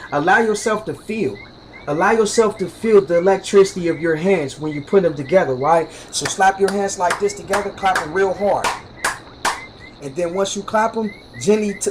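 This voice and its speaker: A man's voice: high-pitched, a little mellow, slight background noise, rough recording. A man teaching spirituality on a livestream in a repetitive, profane, emphatic way, often asking "you know what I'm saying". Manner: emphatic and instructive, demonstrates with hand gestures. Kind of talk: preachy livestream monologue.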